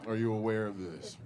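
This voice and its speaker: A young man doing a stand-up comedy set on a club stage, with crude, deadpan delivery and frequent chuckles at his own jokes. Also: lowish voice.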